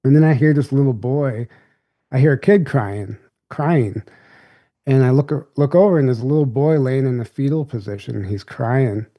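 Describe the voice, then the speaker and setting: A man's voice: medium pitch, moderate pace, dark tone. A young adult man, a podcast guest, telling a story in a loose, rambling, casual way.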